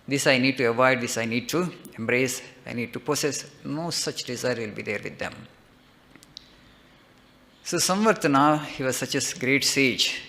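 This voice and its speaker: A man's voice: mid-range voice, normal speed, pushed and bright. A man, a monk giving a spiritual discourse, retelling a legend with frequent "okay" checks and rhetorical lists.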